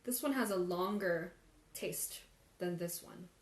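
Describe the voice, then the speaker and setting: With a lowish voice and a slightly slow delivery, a woman runs a tea tasting livestream. She compares infusions out loud and answers questions from her audience, and the audio is roomy with a faint ambient backdrop.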